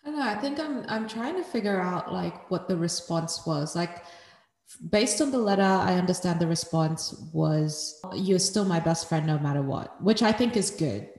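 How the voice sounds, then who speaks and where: Casting note: woman podcast co-host with a lowish voice, thoughtful casual chat, roomy reverberant sound. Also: expressive, normal speed, darkish tone.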